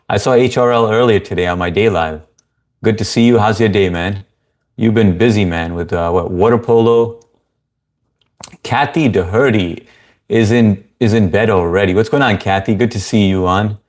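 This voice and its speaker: Brief: male livestream host, lowish voice, easygoing chat, reads comments and greets viewers. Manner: easygoing, greets viewers by name, frequent fillers.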